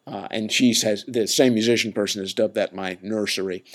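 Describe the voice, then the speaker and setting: Low-voiced man rambling casually. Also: steady tone, brisk. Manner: chatty, laid-back, lots of fillers and self-corrections. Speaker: podcast host.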